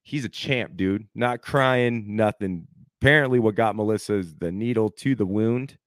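A man's voice: fairly low pitch, moderate pace, dry recording, clean studio sound. A man in his thirties, a podcast co-host, telling a story in casual chat and acting out the quotes, saying "dude" a lot.

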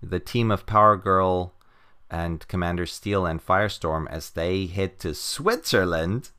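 A man with a very low voice talks through a story in loose, easygoing chat. He rambles with plenty of fillers and little chuckles along the way. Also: a little slow, bright, forceful tone, smooth. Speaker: comic book podcast co-host. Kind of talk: casual chat.

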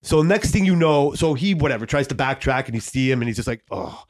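A man's voice: medium pitch, lively intonation, fast. A man co-hosting a podcast, telling a long story in casual chat, rambling with lots of fillers and swearing. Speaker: podcast co-host.

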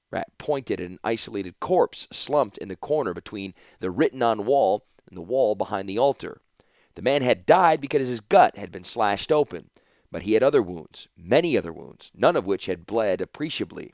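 A man narrating a fantasy audiobook in a dramatic, expressive storytelling manner. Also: fairly low pitch, normal speed, dry recording, studio quality.

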